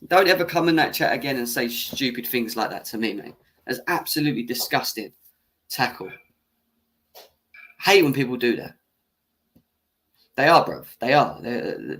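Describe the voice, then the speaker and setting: A man's voice: medium pitch, bright, forceful tone. Young man, live-stream football reaction, fiery, swears, argues with chat, mid-range voice. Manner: heated, swearing, arguing with chat; laughs off his own bias. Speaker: football fan channel host.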